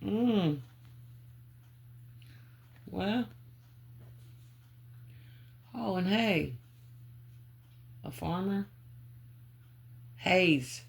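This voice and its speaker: Gravelly lady doing a slow psychic reading, muttering clues bit by bit. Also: medium pitch, animated. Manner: halting, muttering free association. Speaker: psychic reader.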